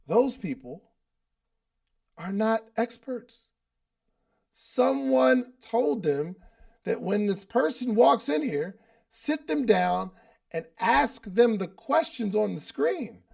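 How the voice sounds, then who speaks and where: A man with a raised pitch and a heavy gravelly fry runs a live coaching call. His talk is loose and chatty. He uses slang and repeats lines to drive a point home. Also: expressive, slow pace, pauses often, a little mellow. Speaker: podcast host and business coach. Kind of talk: casual coaching talk at a live online meeting.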